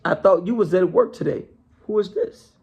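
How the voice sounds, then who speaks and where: A man voicing a betrayed husband and father who curses and shouts accusations. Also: high voice, moderate pace, husky, muffled recording. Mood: suspicious.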